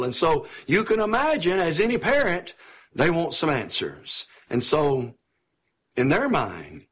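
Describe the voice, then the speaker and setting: A man preaching a sermon, telling a story at an unhurried pace and stopping to question his listeners. His fairly high voice rises and falls a lot, and it carries a husky, breathy grain. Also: a bit bright. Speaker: pastor.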